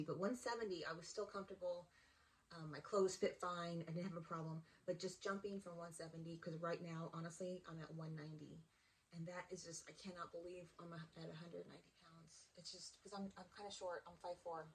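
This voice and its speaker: A grieving woman with a slightly low voice talks softly and haltingly in a personal vlog update, often restarting her sentences. She sits away from the mic, so the recording sounds quiet and distant. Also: a little hiss or hum. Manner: soft-spoken, halting, with many restarts. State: grieving, emotional. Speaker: vlogger.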